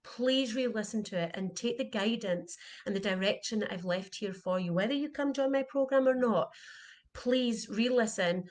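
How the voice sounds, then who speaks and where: Her voice a little high and slightly mellow at normal speed, the middle-aged animal communication coach delivers a heartfelt, earnest motivational talk and repeats her questions for emphasis.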